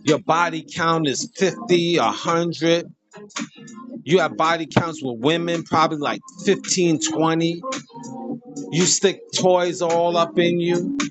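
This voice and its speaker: A man hosting a crude, mocking comedic rant to camera. He laughs at his own jokes and swings between high outbursts and a slow, low drawl. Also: steady tone, muffled recording, over music. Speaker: host.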